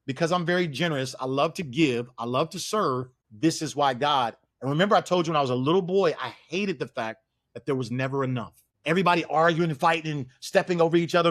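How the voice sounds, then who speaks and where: Man from Oakland, podcast guest, fervent and repetitive, voice a bit high. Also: a bit bright. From East Oakland, California. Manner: emphatic, preacherly, repeats phrases for stress. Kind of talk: podcast interview.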